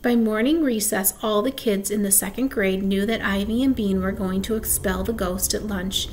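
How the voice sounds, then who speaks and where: Woman, storybook reader, gentle, casual asides. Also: mid-range voice, steady tone, moderate pace, slight background noise. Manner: gentle, with small asides and slips. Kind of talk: reading a children's chapter book aloud.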